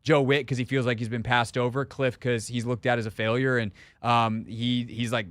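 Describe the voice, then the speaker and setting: Sports radio guy, chatty n opinionated, mid-pitched voice, dry studio sound. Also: flat delivery, no echo. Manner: chatty, opinionated, quick to interject. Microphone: studio microphone.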